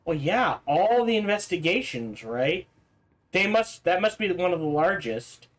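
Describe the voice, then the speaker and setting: A man livestreaming a game, reading in-game documents aloud quickly, stumbling over words and restarting, with casual asides in between. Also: sits high, sing-song, low-quality recording. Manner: reads fast, stumbles and restarts, adds asides. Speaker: streamer.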